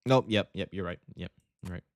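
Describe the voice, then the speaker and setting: A man's voice: sits low, a little fast, dry recording, studio quality. A young man hosting a livestream, telling a rambling casual story and saying bro a lot. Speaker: livestream host, day trader.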